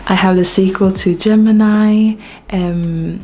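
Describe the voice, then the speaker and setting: A woman's voice: lowish voice, a little slow, a little mellow, a little hiss or hum. A woman from Sweden giving a casual bookshelf tour, chatty and self-deprecating with plenty of fillers, a little out of breath. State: slightly out of breath. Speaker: book vlogger.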